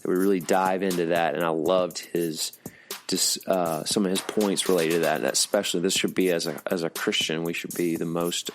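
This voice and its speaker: A man's voice: sits low, fairly even intonation, moderate pace, slight background noise. A man with a Southern American accent, hosting a podcast in a casual, easygoing way with lots of fillers, heard over a video call. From Alabama. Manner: easygoing, filler-heavy, conversational. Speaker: podcast host.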